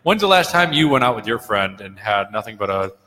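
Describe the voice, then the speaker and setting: A man's voice: on the low side, big pitch swings, a little fast, sharp tone, big-room sound, poor audio. A man hosting a podcast from a bar, chatting loosely and swearing freely after a few drinks, into a microphone on a stand. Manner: loose, profane, rambling. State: tipsy from drinking. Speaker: podcast host. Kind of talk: casual bar chat. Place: bar, indoors.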